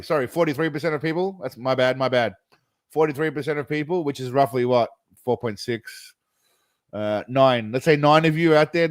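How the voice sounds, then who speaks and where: A man's voice: on the high side, no echo. A man, casually commenting on a live stream and talking straight to his chat in a rambling way. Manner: rambling, chatty, talks to chat directly. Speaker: streamer reacting to videos.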